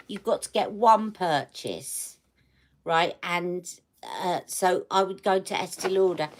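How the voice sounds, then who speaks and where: A woman's voice: mid-range voice, a bit bright. A woman hosting a beauty livestream from home, chatting casually and checking in with her viewers as she shows products. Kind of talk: casual live product review.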